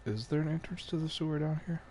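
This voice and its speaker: A man's voice: fairly high pitch, quick pace, darkish tone, a little hiss or hum. Chatty male game streamer. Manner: joking, chatty, reads game text aloud. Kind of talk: casual gameplay commentary.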